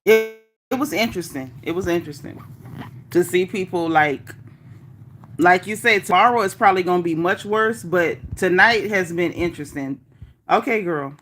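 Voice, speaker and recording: A woman hosting a casual livestream, reading viewer comments aloud in a chatty, animated, folksy way. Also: lowish voice, normal speed. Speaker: livestream host reading chat. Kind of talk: casual live chat.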